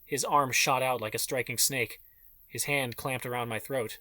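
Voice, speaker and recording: A man's voice: mid-range voice, fairly even intonation, moderate pace, pushed and bright, no room sound. A man reading an audiobook in scripted, dramatic narration.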